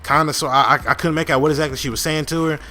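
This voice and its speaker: Over soft background music, a young gaming-channel host tells a long, meandering story during gameplay, peppered with fillers, false starts and lots of profanity. He speaks rapid-fire in a voice on the high side, steady and sharp.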